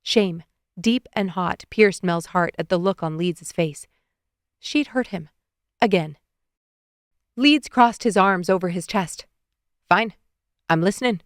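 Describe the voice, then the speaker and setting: A woman narrating an audiobook in an even, expressive reading on a close studio mic. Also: mid-range voice, clean tone, no room sound.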